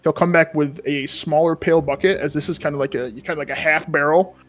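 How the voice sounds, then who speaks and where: A man's voice: on the high side, steady tone, fast talker, a bit bright. Casual male game master narrating. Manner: casual, rambling, many fillers.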